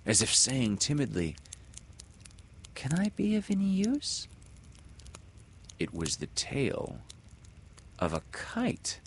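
A man reading a children's story aloud, swelling loud and dropping to hushes with the action. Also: sits low, slight background noise. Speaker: narrator.

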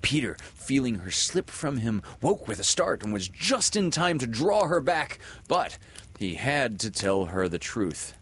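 A man reading a children's story aloud, swelling loud and dropping to hushes with the action. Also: mid-range voice, very animated, a little slow, breathy edge. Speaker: narrator.

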